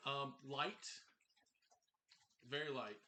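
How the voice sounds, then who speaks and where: A man's voice: mid-range voice, drawn-out words, pushed and bright, slight background noise. A man running a tabletop game as game master over a video call, often restarting and repeating words as he narrates.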